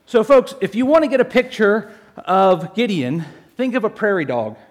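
A male pastor with a fairly high voice delivers a sermon in an animated, storytelling manner. He jokes with his listeners and calls them folks as he moves through the passage. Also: normal speed. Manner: animated, jokey storytelling addressing the congregation as folks.

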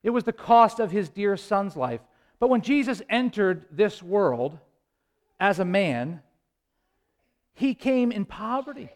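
A man preaching a sermon with impassioned delivery, swinging between loud rises and hushed low passages, with halting restarts. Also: big pitch swings. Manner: impassioned, rising and falling, dramatic pauses.

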